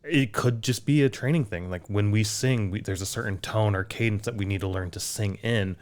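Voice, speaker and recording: A man's voice: on the low side, fairly quick. Rambling American man chatting casually. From United States. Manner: rambling, self-deprecating, laughs at own slips. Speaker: podcast co-host. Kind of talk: casual chat.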